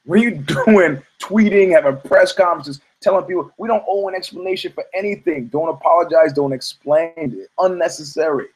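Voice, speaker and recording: A man voicing an exasperated young woman who lectures her partner in disbelief, speaking higher than his own voice. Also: a little fast, few pauses, slightly rough, rough recording. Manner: incredulous, lecturing.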